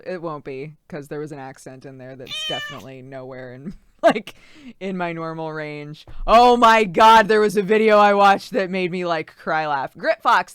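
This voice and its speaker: A woman's voice: on the low side, clear, resonant tone. A woman streamer chatting casually with her viewers, laughing often, swearing freely and thanking subscribers. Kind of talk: casual live-stream chat, reading sub thank-yous.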